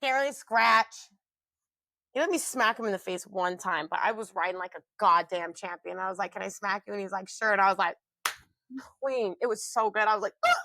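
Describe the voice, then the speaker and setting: A woman in her twenties co-hosting a podcast, telling stories in a loud, boisterous way with lots of swearing and laughter. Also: medium pitch, quick pace, dry recording. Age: 20s. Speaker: podcast co-host. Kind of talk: casual chat.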